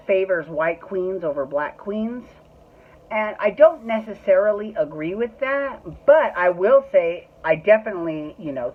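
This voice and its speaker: A woman talks through a casual solo recap as the show's host, chatty and gushing and quick to swear. Her voice sits a little low. The audio is thin and tinny, like a phone line. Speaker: podcast host.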